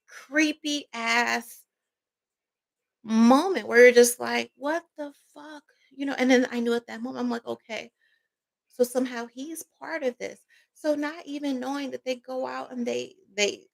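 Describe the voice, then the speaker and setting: A woman vlogger telling a personal story in a casual storytime monologue, rambling, emphatic and swearing freely. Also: on the high side.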